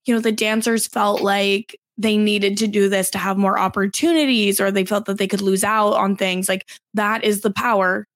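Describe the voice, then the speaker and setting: Woman with gravelly vocal fry. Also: medium pitch, fairly even intonation, moderate pace, few pauses, no room sound. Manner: conversational, opinionated, uses "like" often. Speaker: podcast co-host. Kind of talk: casual chat.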